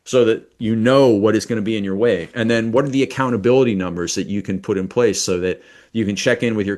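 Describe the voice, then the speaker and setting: A man leading a live online coaching workshop, talking in a quick, energetic and enthusiastic way. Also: medium pitch.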